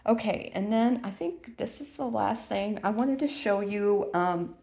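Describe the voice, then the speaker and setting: A woman's voice: medium pitch, unhurried, gravelly. A middle-aged woman, chatting casually through an unboxing, gushing and full of ums, close to tears at times. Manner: warm and gushing, many ums, emotional near tears. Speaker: vintage reseller vlogger.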